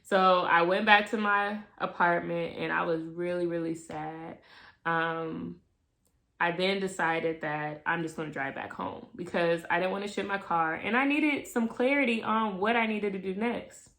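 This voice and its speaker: A young adult woman vlogger telling a personal story casually to camera, lively and expressive. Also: fairly low pitch, unhurried. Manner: animated, acts out quoted voices.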